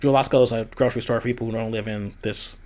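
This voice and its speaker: A young man from the American Midwest vlogs casually, venting candidly about a past job in a mid-range, slightly mellow voice. His intonation is fairly even and his delivery rapid-fire, and he quotes others in a raised voice.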